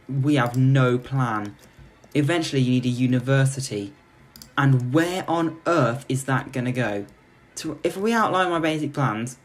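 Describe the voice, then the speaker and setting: A young man giving gameplay commentary as host, sarcastically ranting at his in-game citizens like a petty tyrant. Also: mid-range voice. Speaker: let's play host.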